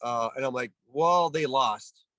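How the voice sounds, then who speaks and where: Canadian guy in his 40s, lively storyteller, mid-pitched voice, dry close sound. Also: measured pace, no room sound. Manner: animated storyteller, acts out voices, many restarts. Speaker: guest, former pro baseball player. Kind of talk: storytelling in a podcast interview.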